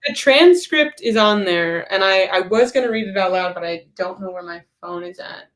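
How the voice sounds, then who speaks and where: A woman's voice: mid-range voice, moderate pace, a bit bright. A woman hosting a casual chat at home, chatty and self-deprecating. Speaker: podcast host. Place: at home doing dishes.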